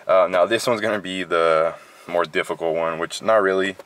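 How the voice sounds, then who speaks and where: A man's voice: deep voice, moderate pace. A man hosting his car channel, talking through a casual how-to with lots of fillers, a bit out of breath. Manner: relaxed, filler-heavy, chatty.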